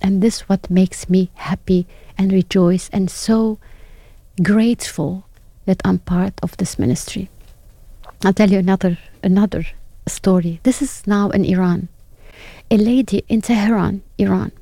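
A woman tells heartfelt stories as an interview guest, slipping into others' voices as she quotes them. Her voice has a gravelly fry and a mellow, dark tone. The sound is dry and close. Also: medium pitch, steady tone, a little slow, dry recording. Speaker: guest, ministry broadcaster. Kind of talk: interview storytelling.

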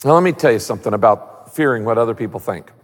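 A man preaching a sermon as a pastor, conversational and animated, with humor. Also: medium pitch, fast, big-room sound.

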